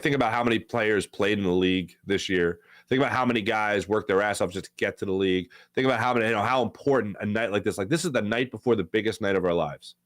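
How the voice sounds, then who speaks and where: A man's voice: medium pitch, fairly bright tone, dry recording. A sports talk host riffs in a loose, rambling monologue, stacking fillers and restarting his sentences. His voice sits in a middle range, and it is recorded close and dry with no room sound.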